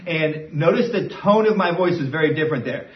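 A man who trains dogs walks through obedience steps in a relaxed, explaining way. His voice sits a little high and comes from away from the mic. The sound is roomy and dull. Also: a little fast, recorded from a distance. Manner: casual, explains step by step, often adds "right?". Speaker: dog trainer. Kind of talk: instructional talk.

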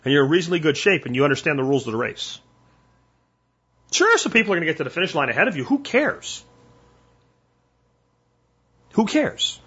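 An older man hosting a solo podcast, talking bluntly and emphatically in warning tones, with a husky voice. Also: mid-range voice, fairly bright tone, dull audio. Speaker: podcast host.

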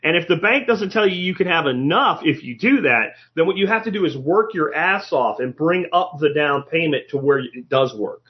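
A man's voice: a little high, lively intonation, normal speed, hardly any pauses, highs cut off. A man hosting a solo podcast, talking bluntly and casually, swearing now and then and often restarting his sentences. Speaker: podcast host.

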